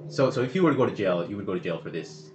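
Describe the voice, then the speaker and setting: Deep-voiced guy talking fast, chill and kinda skeptical, just chatting. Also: expressive, a little hiss or hum. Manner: laid-back, asks skeptical questions. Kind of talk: casual chat.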